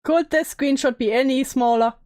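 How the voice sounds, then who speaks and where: A woman's voice: high-pitched, normal speed, a little mellow. A woman co-hosting a reaction stream, playful and joking in short interjections. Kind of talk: casual reaction chat.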